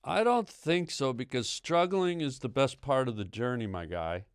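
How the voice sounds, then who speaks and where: Goofy man with a smooth voice. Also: medium pitch, animated, moderate pace, no echo, studio quality. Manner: goofy, absurd insults with rambling fillers. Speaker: guest comedian. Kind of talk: improvised comedic banter.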